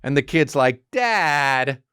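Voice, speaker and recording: A man in his thirties hosts a solo comedy podcast, ranting and swearing freely. He talks a little fast and gets animated, slipping into mocking high-pitched character voices. The recording is dry and studio quality.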